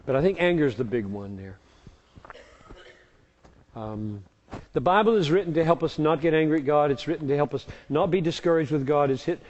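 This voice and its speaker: Man, pastor, live q&a teaching, emphatic, repeats words for force, fairly high voice, dull recording. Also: animated, fairly quick, long pauses, a little mellow, in a large hall. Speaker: pastor answering audience questions.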